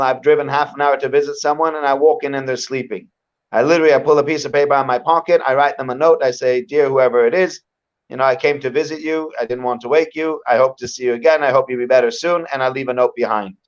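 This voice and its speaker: A man talks earnestly about visiting the sick, stumbling and restarting as he goes. His voice sits a little high and comes through a dull, lo-fi line. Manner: earnest, halting, frequent restarts. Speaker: speaker giving advice on hospital visiting. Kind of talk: casual talk. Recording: dull lo-fi sound.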